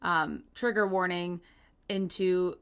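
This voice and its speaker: A woman's voice: on the low side, takes it slowly, smooth. Giggly woman podcast co-host. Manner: relaxed, giggly, trails off softly. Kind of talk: casual chat.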